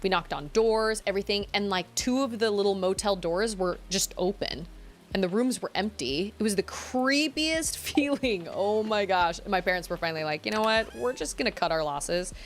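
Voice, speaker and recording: A woman's voice: medium pitch, lively intonation, normal speed, slight background noise. A woman in her thirties streaming a game, chatting casually, giggly and rambling. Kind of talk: casual chat while gaming.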